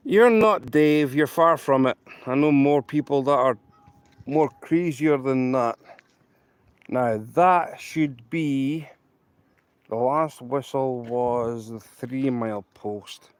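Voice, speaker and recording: Scottish man, middle pitch, slow drawling pace, live-stream chat outdoors, emphatic rambling. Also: clean tone, no room sound. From Scotland. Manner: rambling, emphatic, repeats himself. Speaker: trainspotting livestreamer. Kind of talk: casual live-stream chat, answering viewers. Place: outdoors by a railway line in light rain.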